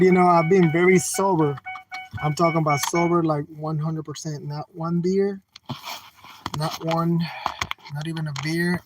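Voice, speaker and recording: A man with a fairly high-pitched voice, talking casually to his livestream viewers from a car. He rambles and repeats himself in an earnest, folksy, slangy way. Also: background noise. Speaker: live streamer. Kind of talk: casual livestream chat, reading out viewer comments. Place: in a car while driving.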